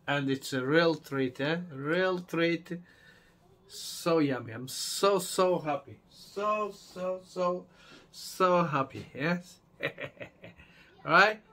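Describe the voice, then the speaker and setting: Slow, enthusiastic man. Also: on the high side, sharp tone. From Madeira, Portugal. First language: Portuguese. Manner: enthusiastic, repeats tag question "eh?". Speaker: home cooking host. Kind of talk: casual cooking demonstration.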